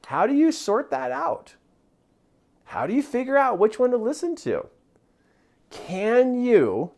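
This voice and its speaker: A self-help mentor with a high voice gives a motivational talk, drawing as he speaks. He's animated and laughs often.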